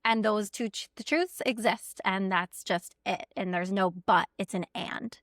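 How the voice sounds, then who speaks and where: A woman's voice: medium pitch, a little slow, fairly bright tone, no room sound, clean studio sound. Playful woman podcast co-host. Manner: playful, laughs often. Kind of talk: casual chat.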